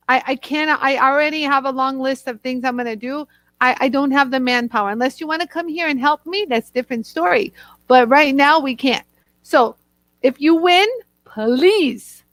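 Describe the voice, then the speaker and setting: A woman hosting a live product show, chatting warmly and talking straight to viewers in the chat. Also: high voice, no room sound.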